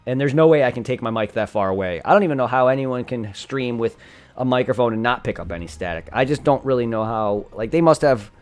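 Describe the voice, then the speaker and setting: A man's voice: medium pitch, fast talker, soft background music. A man casually talking through his streaming setup, rambling and restarting mid-word, recorded on a condenser desk mic at home. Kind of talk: casual tech talk. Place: home room by a humming computer.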